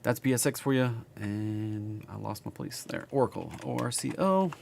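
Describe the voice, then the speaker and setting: A man's voice: medium pitch, moderate pace, gravelly, a little mellow, slight background noise. A man with a Southern accent, casually reading stock charts on a live stream and chatting with viewers.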